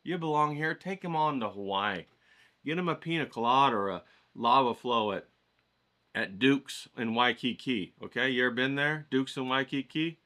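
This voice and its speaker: Middle-aged man, bright forceful tone, folksy motivational vlogger, swears, hypes up the viewers. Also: medium pitch, normal speed. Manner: hyped, folksy, swears freely, talks to viewers directly. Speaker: watercolor vlogger. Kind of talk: casual motivational pep talk to camera.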